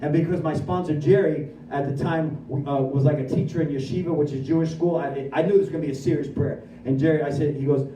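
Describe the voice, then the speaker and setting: Mellow-voiced man telling his recovery story. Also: on the high side, fast, few pauses, a little hiss or hum. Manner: animated storyteller who acts out his own dialogue. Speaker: guest speaker at a recovery meeting. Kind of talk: personal recovery testimony. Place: meeting room at a recovery center. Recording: echoey room, voice from far off.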